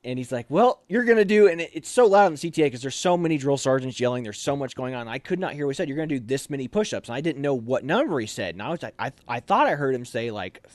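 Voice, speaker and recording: An officer candidate in a casual interview tells a story full of fillers, animatedly acting out the voices of the people in it. His mid-range voice moves quickly with hardly any pauses, and there's no echo.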